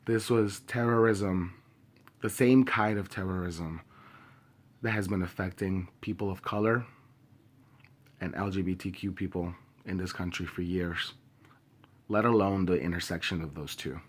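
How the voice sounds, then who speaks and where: Grieving, impassioned young man, low voice. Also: fairly even intonation, husky. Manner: impassioned, halting with many pauses and fillers; swears openly. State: grieving and angry. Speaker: vlogger. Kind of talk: personal video statement.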